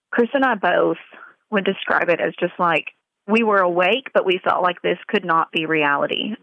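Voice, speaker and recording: A woman speaking in an interview as a mother, earnest and halting, with many fillers, on slightly muffled audio. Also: fairly low pitch, no echo. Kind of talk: emotional personal interview.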